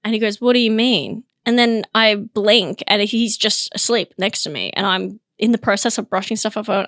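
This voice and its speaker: A woman's voice: mid-range voice, moderate pace, few pauses, fairly bright tone, no room sound, clean studio sound. An Australian woman hosting a comedy podcast, rambling and laughing often as she muses aloud. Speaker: podcast host. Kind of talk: comedic solo podcast musing.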